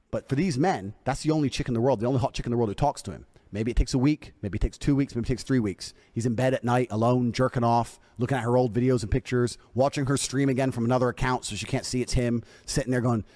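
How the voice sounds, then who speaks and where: A man's voice: medium pitch, fast, in a large hall. A man telling a boastful story on a podcast, swearing freely and acting out the quoted lines himself. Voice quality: profane, swaggering.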